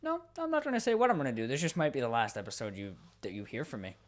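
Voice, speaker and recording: A man co-hosting a podcast in casual chat, excitable and profane, talking in quick bursts. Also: medium pitch. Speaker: podcast co-host. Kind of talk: casual chat about video games.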